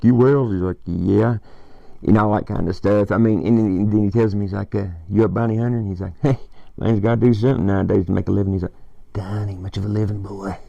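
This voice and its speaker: Man, loose rambling fan chat with cussing; dark tone, dry close sound. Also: lowish voice, vocal fry, no echo, muffled recording. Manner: rambling, swearing, quoting lines. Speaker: movie fan vlogger. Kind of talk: casual movie retelling.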